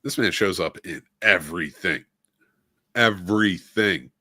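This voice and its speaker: A man's voice: low voice, unhurried, sharp tone, dry recording, clean studio sound. A man co-hosting a film podcast in casual chat, enthusiastic and stopping often for "uh". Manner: enthusiastic, listy, many "uh" fillers. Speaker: podcast co-host.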